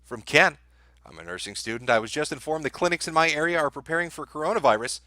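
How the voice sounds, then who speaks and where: A man's voice: a little high, animated, quick pace, sharp tone, no room sound. A man hosting a live stream, reading out viewer messages and answering them with sardonic, profane commentary.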